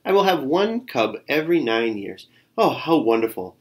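A man voicing a forgetful female tiger who growls and shrieks with excitement in a storybook reading. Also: on the low side, normal speed, creaky, exaggerated voice. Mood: overjoyed.

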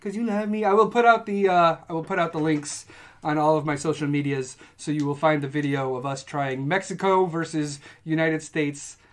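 A man's voice: fairly high pitch, fairly even intonation, moderate pace. A man hosting a podcast, joking and rambling through casual banter with his guests. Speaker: podcast host. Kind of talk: casual chat.

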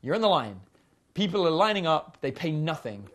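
A man's voice: fairly high pitch, very animated, normal speed. A man giving a casual dating seminar, chatty and full of fillers. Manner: chatty, uses many fillers and acted quotes. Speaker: dating coach.

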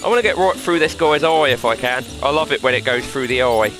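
A man's voice: mid-range voice, lively intonation, fast talker. A man narrating VR gameplay, bantering in a brash, laddish way with mock-gangster threats. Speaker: gaming channel host. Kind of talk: playful VR gameplay commentary. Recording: gameplay audio with loud music.

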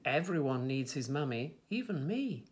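A man voicing a kindly old uncle in a children's storybook, mild and gentle. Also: mid-range voice, sing-song, normal speed, close to an everyday voice.

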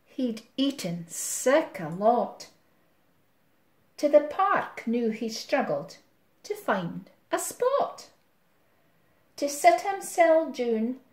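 A Scottish woman telling a rhyming story to children while drawing, gentle and rhythmic, with soft asides. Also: sits high, very animated, extremely slow, long pauses, echoey room. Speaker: music tutor.

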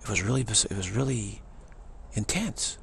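A man's voice: on the low side, lively intonation, moderate pace, vocal fry, fairly bright tone, a little hiss or hum. A man, a spiritual teacher, telling a personal story and acting out what other people said.

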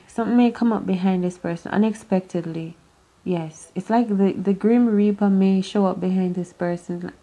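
A woman's voice: mid-range voice, warm tone, a little hiss or hum. A woman doing an unscripted tarot reading to camera, musing aloud, rambling and swearing as she goes. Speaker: tarot reader.

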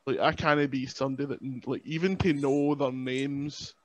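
A man's voice: mid-range voice, fairly even intonation, moderate pace, no echo, highs cut off. A man, a podcast guest on a remote call, chatting in a self-deprecating way and laughing often. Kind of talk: casual podcast chat.

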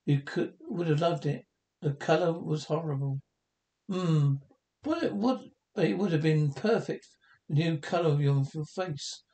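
A man's voice: on the high side, measured pace, warm tone. A man reading the part of a concerned female friend in an amateur script reading, urging and earnest. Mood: chatty.

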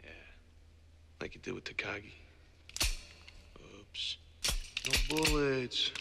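A man's voice: medium pitch, expressive, slow, creaky, very noisy. An actor playing a defiant, wisecracking male cop with a sardonic, cocky manner. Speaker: cop in a film.

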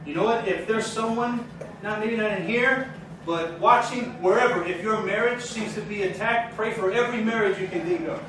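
Fired-up preacher guy, high voice, lots of echo, mic way across the room. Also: moderate pace, noisy background. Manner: fervent, preaching with rising intensity. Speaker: Torah teacher. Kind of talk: sermon. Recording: very echoey room, mic far off.

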